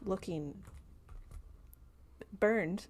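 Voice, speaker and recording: A woman narrating as game master of a tabletop game, in a relaxed way with many fillers. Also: medium pitch, very slow, crowd noise.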